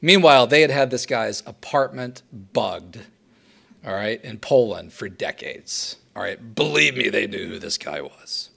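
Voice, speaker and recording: A male professor giving a lively history lecture to students and acting out quotes as he tells the story. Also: mid-range voice, unhurried, gravelly, slightly rough. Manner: animated storytelling, acts out quotes. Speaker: political science professor. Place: live talk to a student audience.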